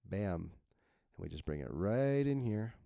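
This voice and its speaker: A man's voice: sits low, animated, unhurried, gravelly, dark tone, no echo, studio quality. A man editing his own novel on screen, thinking aloud bluntly and reading his draft lines to test them. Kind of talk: casual screen-recorded editing walkthrough.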